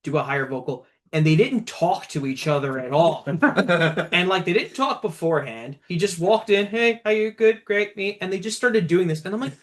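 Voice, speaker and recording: An American guitarist from a guest band chats casually in an interview, raising his voice to act out quotes as he tells stories. His pitch is fairly high, his tone fairly bright and expressive, and his pace moderate.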